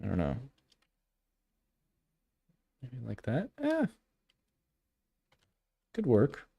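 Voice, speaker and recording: A man in his thirties thinking aloud while drawing on a live stream, halting and unsure, trailing off often, with dry self-mocking humor. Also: medium pitch, huge pitch swings, vocal fry, slightly rough, no room sound, dull audio. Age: 30s. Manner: wry self-deprecating humor.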